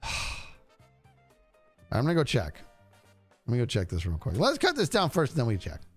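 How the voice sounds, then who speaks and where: A man's voice: medium pitch, huge pitch swings, normal speed, slightly rough, soft background music. A man streaming a game, chatting casually and rambling to his viewers. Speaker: livestreamer. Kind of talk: casual gameplay stream chat.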